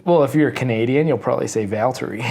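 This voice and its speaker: A man's voice: medium pitch, gravelly, a little mellow. Playful man co-hosting a podcast. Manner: playful, teasing, quick to laugh. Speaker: podcast co-host. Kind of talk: casual podcast chat.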